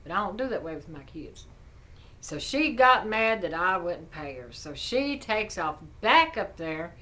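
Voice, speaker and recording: Chatty middle-aged woman, bright voice. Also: lowish voice, very animated, a little slow, poor audio. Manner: chatty, indignant, repeats "I said". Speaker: vlogger. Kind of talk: casual storytelling rant.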